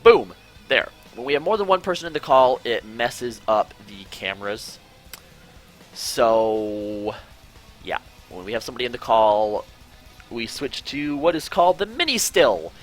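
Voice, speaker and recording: This man hosts a casual online show by call, speaking at a measured pace in a mid-range voice as soft music plays. He swears, gets animated, and rambles through stories with frequent restarts.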